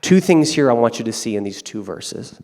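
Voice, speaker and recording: A male pastor preaching a sermon, reading scripture aloud with playful, animated asides. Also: medium pitch, moderate pace.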